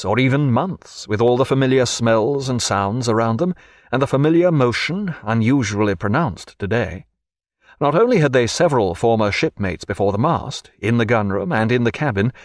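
Expressive male audiobook narrator. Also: mid-range voice, no echo, studio quality. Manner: expressive storytelling reading. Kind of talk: scripted narration.

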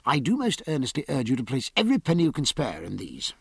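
A man's voice: medium pitch, huge pitch swings, quick pace, creaky, breathy edge, no room sound, studio quality, exaggerated voice. A man voicing an earnest, courteous naval officer who speaks politely to his father.

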